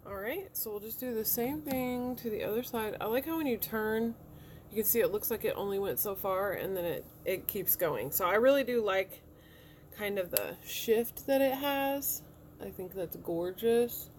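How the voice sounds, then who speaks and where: A woman in her thirties talks casually through her makeup routine step by step, chatty and easygoing. Her voice sits at an ordinary middle pitch. A faint background noise runs under the recording. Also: moderate pace, darkish tone. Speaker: beauty vlogger. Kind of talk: casual makeup tutorial talk. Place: home room.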